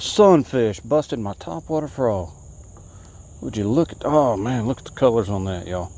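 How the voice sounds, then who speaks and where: A man from Alabama, chatting to the camera from a kayak and talking excitedly to the fish he catches. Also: on the low side, unhurried. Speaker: fishing vlogger. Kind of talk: casual talk to camera while fishing. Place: kayak on a creek outdoors.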